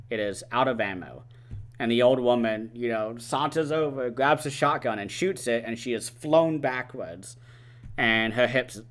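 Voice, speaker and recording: A man giving a casual, rambling spoiler recap of a film, full of "like" and "uh" as he retells scenes. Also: lowish voice. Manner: rambling, animated retelling with many "like" and "uh" fillers. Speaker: movie reviewer.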